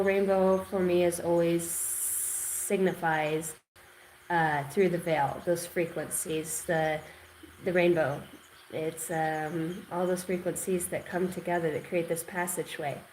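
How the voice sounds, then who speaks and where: A woman giving an intuitive tarot reading, rambling and excitable, repeating words and swearing now and then. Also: on the low side, measured pace, a little hiss or hum, low-quality recording. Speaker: tarot reader.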